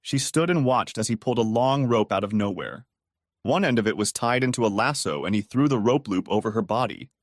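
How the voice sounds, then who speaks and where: A man narrating a dramatic story audiobook in an expressive storytelling manner, dropping low on dialogue tags. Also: a little fast, no echo, clean studio sound. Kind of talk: scripted narration.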